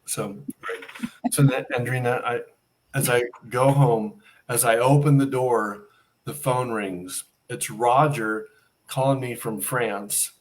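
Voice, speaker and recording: A man's voice: medium pitch, steady tone, slow pace, slight background noise. A middle-aged man telling a personal story as an interview guest, acting out the dialogue he quotes.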